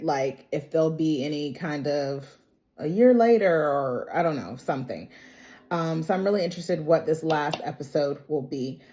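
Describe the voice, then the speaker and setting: A TV episode reviewer talks to camera, giving a casual, emotional recap of a drama episode. She's chatty and says "like" and "y'all" a lot, in a low-pitched, dark voice.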